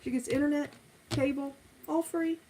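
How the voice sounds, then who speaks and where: A woman's voice: high-pitched, steady tone, normal speed, warm tone, a little hiss or hum, low-quality recording. Chatty woman, rambling. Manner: rambling, chatty, drifting between topics. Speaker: streamer chatting with viewers. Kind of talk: casual live chat.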